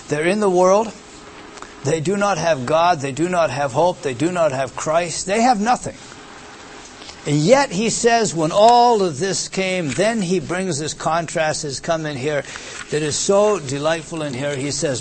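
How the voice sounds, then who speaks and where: A man's voice: fairly high pitch, slight background noise. A man preaching an expository sermon, emphatic and repeating phrases for stress while pointing out words and diagrams. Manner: explains with gestures to a text or diagram. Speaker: pastor.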